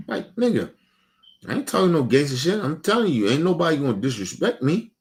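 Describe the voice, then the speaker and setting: A man's voice: mid-range voice, very animated, brisk, darkish tone. Heated profane man ranting. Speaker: show host. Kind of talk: casual ranting monologue.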